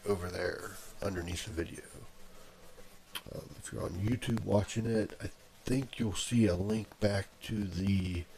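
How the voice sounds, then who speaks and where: Man with a very low voice, casual self-narrated screen recording on a desk mic, rambling delivery. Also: fairly even intonation, measured pace, vocal fry, darkish tone. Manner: rambling, with many fillers and restarts. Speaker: video blogger. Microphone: plugged-in desk microphone.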